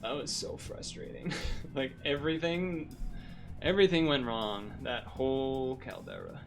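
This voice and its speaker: A man's voice: medium pitch, fairly even intonation, measured pace. A young man streaming a video game, grumbling, swearing and talking to himself about his frustrations. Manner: frustrated, swearing, muttering then exclaiming. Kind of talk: live gameplay commentary. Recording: faint game music behind.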